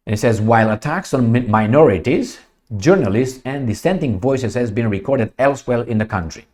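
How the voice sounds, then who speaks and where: A man's voice: mid-range voice, lively intonation, a little fast, darkish tone. A man giving blunt, sarcastic, profane commentary as he reads a news article aloud. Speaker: political commentator.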